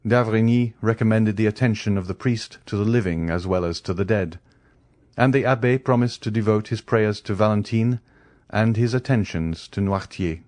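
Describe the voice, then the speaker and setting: A man narrating a classic novel audiobook in a measured, even reading. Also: on the low side, no echo. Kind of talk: scripted narration.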